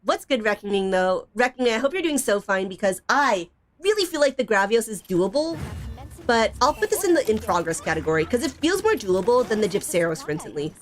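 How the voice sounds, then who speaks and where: A woman's voice: fairly high pitch, big pitch swings, fairly quick. Chatty young woman gaming streamer. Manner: chatty, giggly, lots of "like" and "bro". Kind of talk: casual gaming stream chat.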